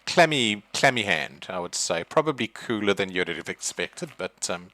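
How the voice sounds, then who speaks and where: A man's voice: lowish voice, sing-song, moderate pace, sharp tone, no echo. A man narrating as game master, loose and hesitant with many fillers. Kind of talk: narrating a tabletop horror game.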